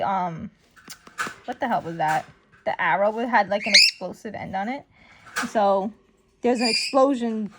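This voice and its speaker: A woman in casual commentary, excitedly recapping a comic book story and acting out the characters' lines. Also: fairly high pitch, very noisy. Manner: excitable, exclaims often, acts out characters' lines.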